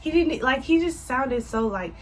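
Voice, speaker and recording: A woman telling a casual storytime to her viewers, animated and swearing freely as she addresses them as y'all. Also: high-pitched, normal speed, poor audio. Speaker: vlogger.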